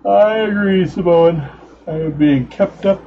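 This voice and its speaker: Middle-aged guy rambling to his stream chat, slow easygoing talk, kinda muffled audio. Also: sits high. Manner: relaxed, rambling, chats with viewers by name. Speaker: crafting livestream host. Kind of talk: casual chat while crafting. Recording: dull livestream audio with background noise.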